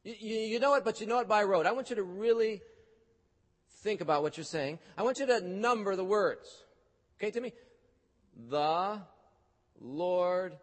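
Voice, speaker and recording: Pastor guy preaching in a big echoey hall, fairly high voice, loud then real soft. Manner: dramatic swings from loud to hushed. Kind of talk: sermon.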